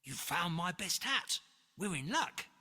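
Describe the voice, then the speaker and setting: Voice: mid-range voice, sing-song, a little slow, bright, forceful tone, exaggerated voice. A storybook reader voicing an old pirate captain who hems and haws. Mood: hesitant. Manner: hesitant, with fillers. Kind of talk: storybook read-aloud. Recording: long reverb, faint music behind.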